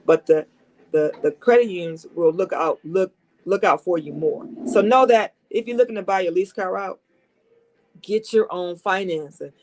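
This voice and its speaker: A woman's voice: on the low side, moderate pace, a little mellow, slight background noise. A saleswoman talks from her desk in a dealership office, coming down with a cold and a little sniffly. She is chatty and emphatic, hammering each point home by saying it twice. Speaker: car salesperson. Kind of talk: casual advice talk to camera.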